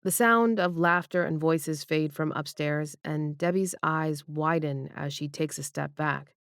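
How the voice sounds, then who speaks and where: A woman narrating a first-person romance audiobook in an intimate, expressive reading. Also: low-pitched, unhurried, few pauses, clean tone, no room sound, studio quality.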